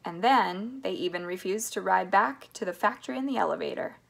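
A woman reading a children's novel aloud in an expressive, animated storytelling manner. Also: fairly low pitch, normal speed, creaky, few pauses. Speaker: reader.

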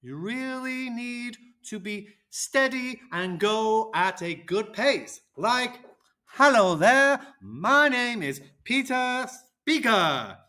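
A cheerful, confident speaking coach for kids, played by a performer, talking slowly and deliberately. The pitch bounces up and down with plenty of life. The tone is bright and clear. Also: exaggerated voice. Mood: upbeat. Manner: slow, deliberate, teacherly, with lively pitch. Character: cheerful, confident teacher character. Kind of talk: children's educational roleplay.

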